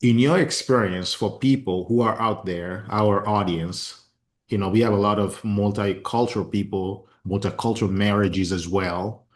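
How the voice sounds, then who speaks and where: Low-voiced guy, english not his first language, hosting a podcast chat, passionate and expressive, keeps restarting his sentences. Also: normal speed. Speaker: podcast host. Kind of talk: casual interview conversation.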